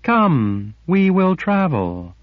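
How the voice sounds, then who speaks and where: A man voicing a timid, cold female creature made of quicksilver, speaking slowly and distantly in a storybook reading. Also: sits high, no room sound, voice pushed up. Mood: eager. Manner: slow, distant, wounded. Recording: dull lo-fi audiobook recording.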